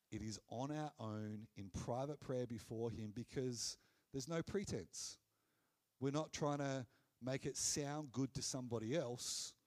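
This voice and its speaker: A man preaching a sermon in an earnest, conversational way, dropping low and soft on key phrases.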